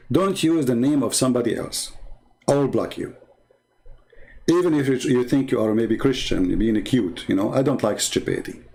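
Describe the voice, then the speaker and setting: A man's voice: mid-range voice, vocal fry, darkish tone. A man hosting an online commentary show, speaking in a mocking, argumentative way. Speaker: host.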